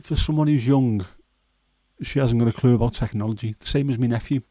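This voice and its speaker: A man in his fifties with a Scouse accent and a hoarse throat, hosting a casual chat livestream in a rambling, jokey way with many fillers. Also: mid-range voice, fairly quick, warm tone, dry recording. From Liverpool, England. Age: 50s. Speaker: livestream host.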